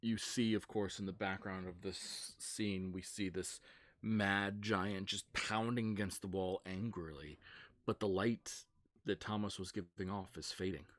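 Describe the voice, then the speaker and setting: A man running a tabletop game on a livestream, rattling off rules quickly and slowing down for dramatic narration. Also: deep voice, steady tone, a bit bright, no echo. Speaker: game master.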